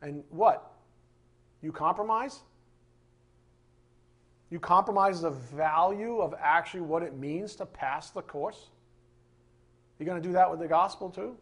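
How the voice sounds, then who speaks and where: A man preaching a sermon in an emphatic style, firing off rhetorical questions. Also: on the high side.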